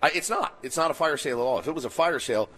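A man co-hosting a sports talk show, telling stories in an animated way and laughing easily. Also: mid-range voice, rapid-fire. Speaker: sports radio co-host.

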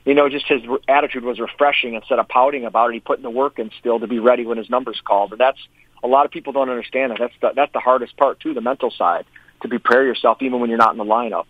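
A hockey coach calling in, chatting casually about players in quick, rambling sentences that he often restarts. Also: mid-range voice, steady tone, no room sound. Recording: tinny phone line.

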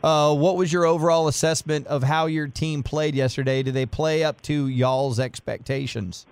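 A man hosting a sports talk radio show, moving briskly from topic to topic and introducing a guest. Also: fairly high pitch, steady tone. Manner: brisk, smooth segment transitions. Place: radio studio.

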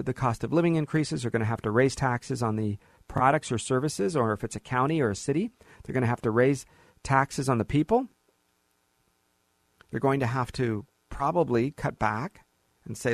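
Gravelly man, middle-aged, radio money host, animated storyteller, dry close sound. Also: mid-range voice, no room sound. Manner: animated storyteller, mocking voices in quoted asides. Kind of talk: conversational radio advice talk.

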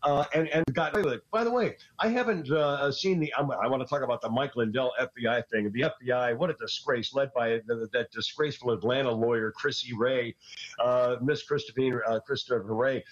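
Mid-pitched and fairly quick, this regular radio commentator rants about politics on a talk show in an agitated, scattered way, stumbling over words and laughing. The audio sounds dull.

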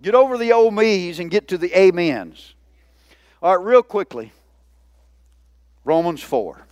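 High-voiced preacher man, dry sound. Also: measured pace, no echo. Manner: lively, joking preacher who calls out to the congregation. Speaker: pastor. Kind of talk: sermon.

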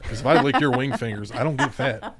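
A man's voice: mid-range voice, brisk, crowd noise. A man on a radio show talks in a laid-back, rambling way. He drifts from point to point in easy banter with his co-hosts. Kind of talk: casual morning-show banter.

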